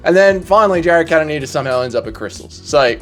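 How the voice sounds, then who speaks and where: Male commentator, slightly high voice, lively and bouncy delivery, jokey rambling tier-list talk. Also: fast talker, faint music behind. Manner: joking, rambling, with slangy asides. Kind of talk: casual comedic monologue.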